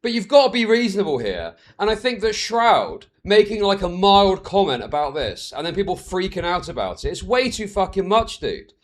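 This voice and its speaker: A man's voice: sits high, big pitch swings, normal speed, few pauses. Sweary, exasperated man ranting. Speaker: streamer reacting to clips. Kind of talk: ranting reaction commentary.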